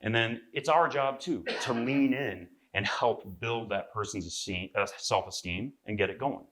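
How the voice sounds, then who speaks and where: A man's voice: lowish voice, normal speed, fairly bright tone. A man, a magazine editor, giving a live seminar talk to an audience, chatty and often checking in with "right?". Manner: conversational, frequent "right?" to the audience, clears throat. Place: convention seminar room.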